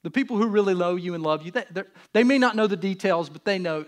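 A man preaching a sermon in a relaxed, conversational way. His voice sits somewhat high. He moves from loud, emphatic bursts to quiet, near-whispered asides and slips into casual voices for the people in his stories. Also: fast, hardly any pauses. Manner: acts out God and others in casual voices. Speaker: pastor.

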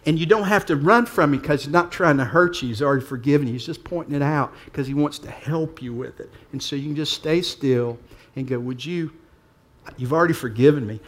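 Speaking in a slightly high voice, a pastor preaches to his church plainly, alternating between hushed asides and emphatic points.

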